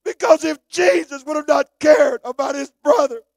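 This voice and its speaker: A man preaching a sermon, shouting fervently at times and dropping to hushed storytelling. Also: very high voice, normal speed, no echo.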